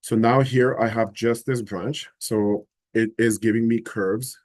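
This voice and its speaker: A man teaching a live software class, explaining each step and thinking aloud as he works. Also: on the low side, steady tone, a little slow, dry recording. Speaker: instructor.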